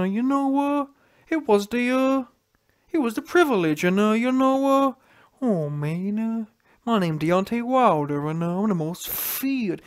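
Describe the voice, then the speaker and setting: A man putting on a slow, drawling, whiny voice as a self-pitying male heavyweight boxer. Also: high-pitched.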